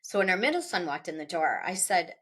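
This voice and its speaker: A middle-aged woman, an author being interviewed, recounting a personal loss in a halting, emotional way, with restarts and pauses and her voice rising at the hardest moments. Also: on the low side, very animated, fairly bright tone, slightly rough. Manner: halting, with restarts and pauses; voice rises when recalling distress.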